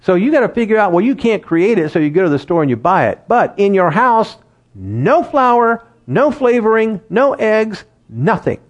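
A man preaching a sermon and reading scripture aloud, animated, laughing at his own jokes and slowing down to stress key words. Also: high voice, muffled recording.

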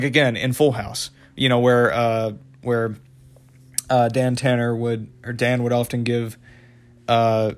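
A man in a casual, unscripted monologue, reviewing a show he loves. He rambles freely and restarts his sentences often. His pitch sits in a middle range, neither high nor low. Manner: rambling, many fillers and restarts.

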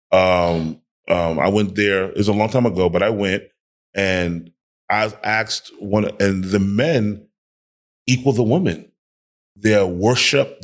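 A man who is a pastor and guest on a casual panel conversation, telling stories and acting out quotes. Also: fairly low pitch. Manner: animated storyteller who acts out quotes.

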